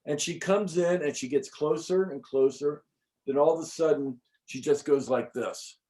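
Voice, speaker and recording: A middle-aged man, an interview guest, telling a personal story in a casual, animated way with many fillers and the odd swear word. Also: fairly high pitch, moderate pace. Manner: animated, chatty, frequent fillers and restarts. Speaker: interview guest recounting an experience.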